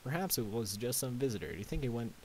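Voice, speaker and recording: A man voicing a calm, practical farm pony mare with a put-on American Southern drawl. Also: mid-range voice, quick pace, lightly acted. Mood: folksy. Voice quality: folksy, drawling. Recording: faint tape hiss.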